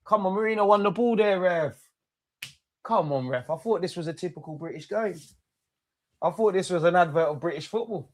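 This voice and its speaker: A man streaming a live football watchalong, excitably shouting at players and the referee and bantering with his chat. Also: high voice, brisk. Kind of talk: live match reaction commentary.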